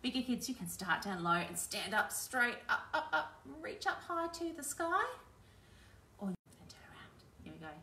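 A woman's voice: a little high, big pitch swings, moderate pace, few pauses, bright, forceful tone, recorded from a distance. A woman from Australia leading a library baby and toddler session, singing nursery rhymes in a cheerful sing-song way and talking straight to the little ones. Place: library room. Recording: roomy echo, a little off-mic.

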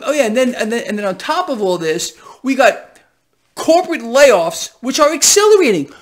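A man hosting his own financial commentary vlog. He rants with heavy sarcasm, and his pitch jumps all over the place. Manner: animated, sarcastic ranting. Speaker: host.

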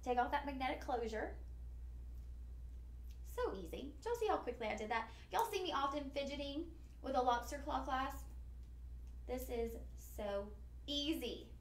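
A woman's voice: high-pitched, lively intonation, normal speed, pauses often. A woman hosting a live shopping stream, chatty, upbeat and a bit goofy. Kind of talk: live-stream jewelry selling. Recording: echoey studio room.

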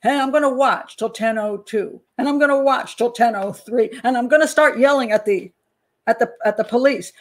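Woman host going over a crime case, chatty, animated, checks her notes out loud. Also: on the high side, a little fast. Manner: animated, talks to herself while checking notes, acts out panicked parents. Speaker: criminal profiler and channel host. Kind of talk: casual true-crime analysis to camera.

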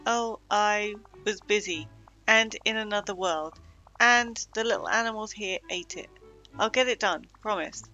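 A woman voicing a jittery male monster who puffs himself up as the star talent. The voice is bright and unhurried. This is read-along video game dialogue. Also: mid-range voice, dull audio, faint music behind. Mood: defensive. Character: anxious male one-eyed monster, self-styled talent. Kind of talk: reading game dialogue aloud.

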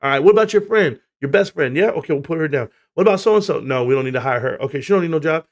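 A man putting on his wife's voice, a practical adult woman talking in a brisk, matter-of-fact way. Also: fairly high pitch, expressive. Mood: planning.

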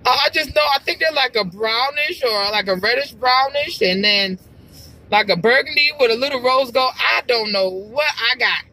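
A woman's voice: on the high side, moderate pace, sharp tone, low-quality recording. A woman vlogging from her car as she drives, chatting in a rambling, exclamatory way with sighs. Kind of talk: casual chat to camera while driving. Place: car, driving.

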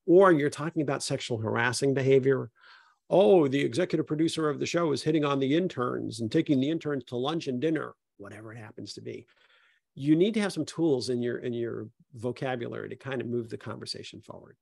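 A man's voice: medium pitch, gravelly, no echo, studio quality. A middle-aged man, an HR consultant, talking on a panel and acting out both sides of a tough workplace conversation. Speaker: HR consultant and speaker. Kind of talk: panel talk with acted-out workplace dialogue.

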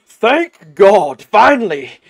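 An excitable talking sheep, as a man puts him on at a tabletop game, gushing and exclamatory. The voice sits far above a normal speaking pitch and is pushed loud. He heaps flattery on whoever will listen. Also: takes it slowly, creaky, breathy edge, full character voice. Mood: overjoyed. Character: excitable talking male sheep, desperate for help.

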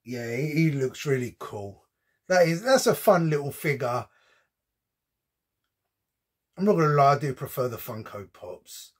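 A man's voice: mid-range voice, expressive, moderate pace, slightly rough. A man chatting casually as he unboxes a collectible for his channel, with frequent ums and slang. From United Kingdom. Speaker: unboxing vlogger.

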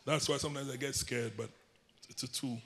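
A man from Africa with a West African accent, preaching a sermon as a bishop, leading call-and-response and stretching key phrases slowly. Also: medium pitch, steady tone, long reverb tail, background noise.

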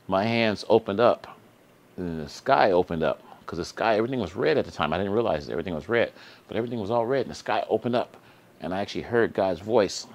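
A man hosting his own vlog, telling a personal story in casual slangy speech, earnest and repetitive, his voice climbing high when he gets excited. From Sacramento area. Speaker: vlog host.

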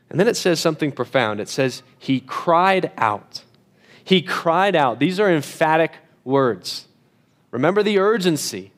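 A pastor with a voice on the high side preaches emphatically, slowing and dropping to a hush on key phrases. Now and then he repeats words as he starts a sentence over.

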